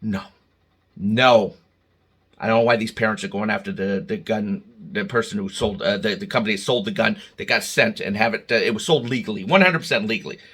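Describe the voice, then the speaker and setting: A man delivers a heated, emotional monologue to his viewers, stumbling over restarts and jumping into loud outbursts. His voice is bright and forceful, with a husky edge to it. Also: lowish voice, brisk. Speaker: channel host. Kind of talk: opinion monologue to camera.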